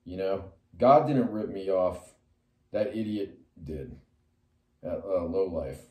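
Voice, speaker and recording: A middle-aged metal musician and artist tells a long personal story to camera slowly and animatedly, wandering off track with fillers and restarts. Whenever he quotes himself, his voice leaps high and loud. The audio is roomy from a distant mic, with the highs cut off.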